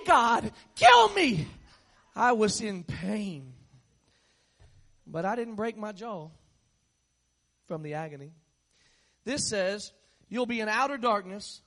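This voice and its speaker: A man's voice: sits high, sharp tone. A man preaching a sermon, a conversational, joking storyteller.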